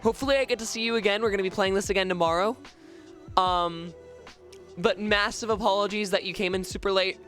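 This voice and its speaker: A streamer giving live gameplay commentary, excitable, swearing often and talking to chat. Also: medium pitch, fast talker, soft background music.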